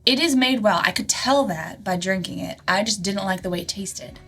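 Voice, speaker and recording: A woman's voice: mid-range voice, normal speed, creaky. Easygoing female whiskey co-host. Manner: easygoing, agreeable, blunt. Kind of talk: casual chat.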